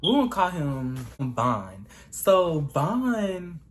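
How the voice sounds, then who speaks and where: A man's voice: a little high, very animated, drawn-out words, a little hiss or hum. A young man telling a casual storytime vlog in a chatty, gossipy way, often calling the listener "girl". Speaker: vlogger.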